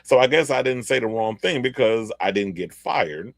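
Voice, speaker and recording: A man's voice: medium pitch, lively intonation, normal speed, gravelly, no echo. A man hosting a podcast, chatting casually and reading article excerpts aloud with asides along the way. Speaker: podcast host. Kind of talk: casual pop-culture commentary.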